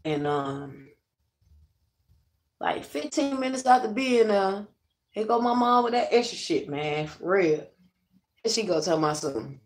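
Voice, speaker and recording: Young woman vlogger, casual venting, blunt and profane, talks straight to viewers, mid pitch. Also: very animated, measured pace, long pauses. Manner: blunt, profane, rambling storyteller; addresses viewers directly.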